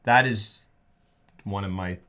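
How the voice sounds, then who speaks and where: A man's voice: on the low side, slow, sharp tone. A man co-hosting a live film discussion stream, chatting casually in a jokey, rambling way with frequent restarts. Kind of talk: casual chat.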